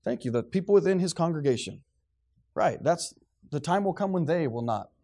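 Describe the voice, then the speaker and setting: A man's voice: a little high, expressive, a little fast, mellow. A man preaching a sermon in a church, fervent and sarcastic and quizzing his congregation. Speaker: pastor.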